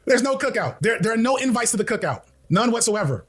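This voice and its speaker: Fast husky man giving animated commentary. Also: extremely high pitch. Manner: animated, slangy, ranks and jokes. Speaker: video commentator. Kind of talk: fast opinionated video commentary.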